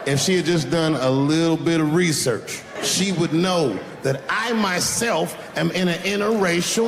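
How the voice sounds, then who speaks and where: A man doing stand-up storytelling, animated and swinging between low mutters and high exclaims. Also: moderate pace, few pauses. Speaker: stand-up comedian. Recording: echoey hall with faint noise.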